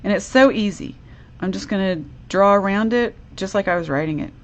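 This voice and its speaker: A woman walks viewers through a craft project at her desk, chatty and upbeat. Her pitch sits in a middle range for a woman, and she speaks to the audience directly, step by step. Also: a little fast. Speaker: crafting demonstrator. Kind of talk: live crafting demo.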